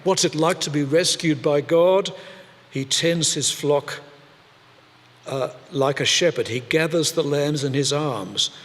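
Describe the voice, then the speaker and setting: Slow, deliberate male preacher in reverb. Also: on the high side, a bit bright. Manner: slow, deliberate delivery with pauses and repetition. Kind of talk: sermon. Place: church.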